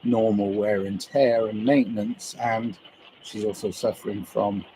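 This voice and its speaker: A man's voice: on the low side, fairly even intonation, a little slow, warm tone, a little hiss or hum, low-quality recording. A man livestreaming to viewers, musing his way through a loose, meandering monologue and swearing casually.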